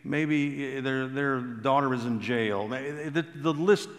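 A man preaching a sermon, telling stories and stressing key words slowly and emphatically. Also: medium pitch. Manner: storytelling, emphatic with slow drawn-out stresses. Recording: long hall reverb.

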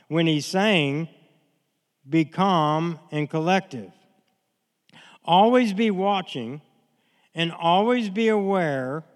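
A man preaching a sermon in an earnest, repetitive way, slowing down to stress key words. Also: fairly high pitch, big-room sound.

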